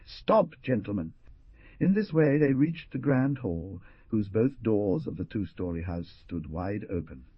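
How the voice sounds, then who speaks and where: A man's voice: fairly low pitch, animated, measured pace, hardly any pauses, husky, no room sound, lo-fi sound. A man narrating an adventure audiobook with dramatic rises and falls. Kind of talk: scripted narration.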